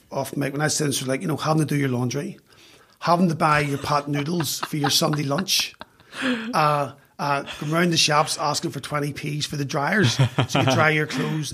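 A middle-aged man with a Northern Irish accent, chatting as a podcast guest and telling self-mocking stories in an animated way. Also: a little high. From West Belfast, Northern Ireland. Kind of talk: casual storytelling.

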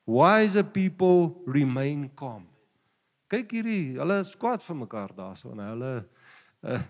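Male pastor, South African accent, bilingual jokey sermon, higher voice, reverberant hall. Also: big pitch swings, moderate pace. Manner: switches between Afrikaans and English, jokey, laughs often.

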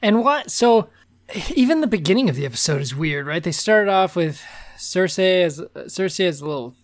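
Relaxed, teasing podcast co-host. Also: medium pitch, moderate pace. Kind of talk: casual podcast chat.

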